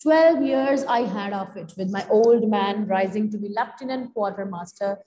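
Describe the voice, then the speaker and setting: A woman with an Indian English accent reading the lines of a loud, sinister middle-aged fortune teller in a bold tone. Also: mid-range voice, moderate pace, pitched below the performer's own voice, lightly acted. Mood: bossy. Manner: reads a play role aloud in a bold tone. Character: loud sinister Irish woman in her forties or older. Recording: echoey room with long reverb.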